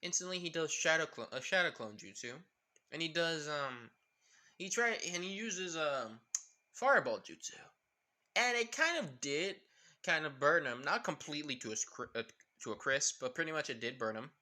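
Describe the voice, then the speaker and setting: A man's voice: a little high, expressive, moderate pace, bright, forceful tone. A young man casually improvising a fan story, rambling with many fillers. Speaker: fan fiction narrator.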